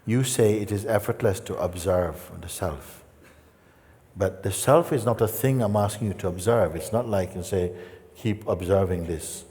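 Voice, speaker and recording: A man, a spiritual teacher, giving a gentle, playful satsang talk with soft asides. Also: sits low, moderate pace. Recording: long hall reverb.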